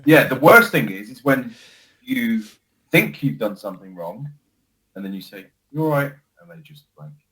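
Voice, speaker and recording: A man co-hosting a casual podcast, telling stories with animated laughter. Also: medium pitch, normal speed, low-quality recording. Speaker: podcast co-host. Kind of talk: casual chat.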